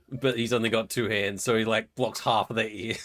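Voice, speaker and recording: Rambling game master with a low voice. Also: male voice, a bit bright. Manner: rambling, many fillers, laughs at his own jokes. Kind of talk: narrating a tabletop game.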